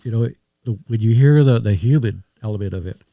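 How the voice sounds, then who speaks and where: A man's voice: lowish voice, quick pace, gravelly, warm tone, no room sound. A man talking as a podcast guest in casual conversation, reflective and rambling with restarts.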